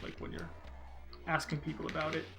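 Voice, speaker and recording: Gravelly, bright-voiced male game streamer. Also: a little high, completely flat delivery, brisk, soft background music, rough recording. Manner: rambling and chatty, reads chat aloud. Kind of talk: casual gameplay commentary.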